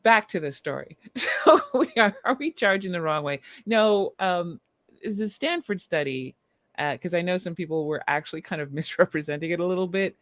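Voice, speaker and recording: A woman's voice: fairly low pitch, expressive, moderate pace, a bit bright, no echo. A woman co-hosting a casual news discussion podcast, explaining points at length and laughing between them. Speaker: podcast co-host.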